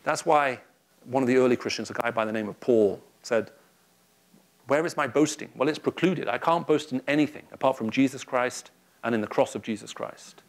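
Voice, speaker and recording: Lively, humorous man giving a talk. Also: medium pitch, brisk. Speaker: Christian speaker addressing an audience. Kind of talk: public talk with anecdotes. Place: room with a live audience.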